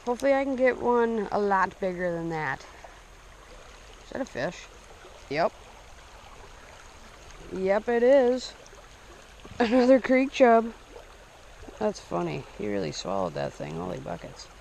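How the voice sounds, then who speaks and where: A young man narrating his fishing trip casually outdoors, breaking into excited outbursts when he hooks a fish. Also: high-pitched, unhurried, creaky, long pauses, slight background noise. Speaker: fishing vlogger. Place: outdoors by a small stream. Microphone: action camera. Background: running stream water.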